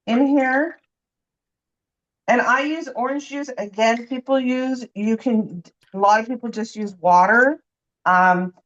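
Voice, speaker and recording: A woman with a somewhat high, slightly bright voice cooks live as a guest food expert, and the audio sounds dull. Chatty, she explains each step as she works and ends points with "you know?", "okay?" or "right?"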